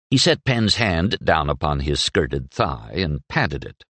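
A man reading a novel aloud as an audiobook narrator, in expressive, measured storytelling. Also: extremely low pitch, husky, no room sound. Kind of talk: scripted narration.

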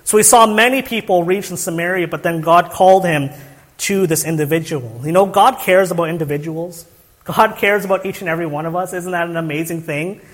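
A man's voice: sits high, fairly quick, in a large hall. A young man preaching a sermon, earnest, with rhetorical questions and frequent restarts. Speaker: pastor.

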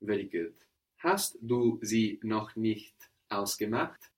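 Male language tutor, slightly low voice, patient, explains step by step. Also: lively intonation, takes it slowly. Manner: patient, repeats answers and explains grammar step by step. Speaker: language teacher. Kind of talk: spoken language lesson.

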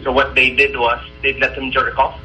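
A man's voice: mid-range voice, monotone, a little fast, sharp tone, slight background noise. A man calling in to a radio show, telling his story in a hesitant, apologetic way over a muffled line. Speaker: caller.

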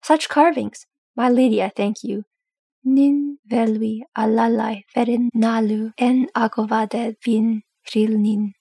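A woman's voice: a little high, fairly even intonation, slow pace, dark tone, slightly rough, no room sound, full character voice. Legolas, a woman reading as a courteous elf archer. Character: graceful young male elf archer, polite and pleased.

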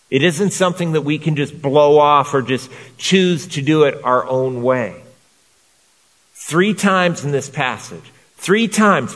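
A man preaching a sermon to men in an earnest, measured way, repeating phrases for emphasis. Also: fairly high pitch, big-room sound. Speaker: pastor.

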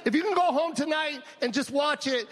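A man doing a stand-up comedy set, loud and animated, laughing at his own jokes. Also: very high-pitched, a little fast, a little hiss or hum. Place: live comedy venue with audience.

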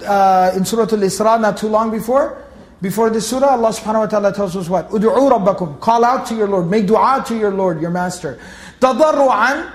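Male teacher with a high voice, patient and repetitive, recorded in an echoey hall. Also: a little mellow. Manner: explains slowly, repeats key words for emphasis. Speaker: Quran teacher. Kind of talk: Quran commentary lesson. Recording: echoey room.

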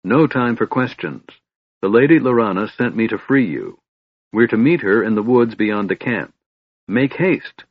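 A man's voice: on the low side, lively intonation, moderate pace, husky, no echo, muffled recording. A man voicing a huge, stern male blacksmith who gives urgent orders in clipped phrases.

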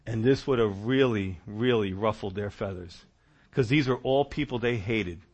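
A man preaching a sermon, telling stories in a conversational, animated way. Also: lowish voice, normal speed, husky, lo-fi sound.

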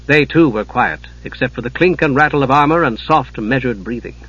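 Husky man narrating an audiobook. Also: medium pitch, expressive, a bit bright, dull audio. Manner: measured and dramatic.

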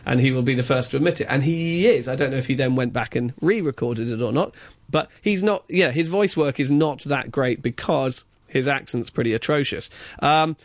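A man talks through a film review in a casual radio chat. His voice sits at an ordinary middle pitch. He is opinionated and chatty, and fills his pauses with ums and uhs.

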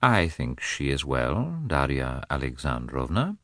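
A man's voice: extremely low pitch, very animated, a little slow, fairly bright tone, no echo, clean studio sound, voice pushed down, heavily acted. A man reading a cold, formal, wounded middle-aged husband who talks in a clipped way, for an audiobook. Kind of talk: audiobook character voice.

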